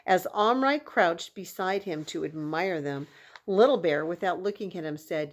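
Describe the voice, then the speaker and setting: A woman's voice: fairly low pitch, normal speed. Woman reading a children's story aloud. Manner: expressive storytelling. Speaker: reader.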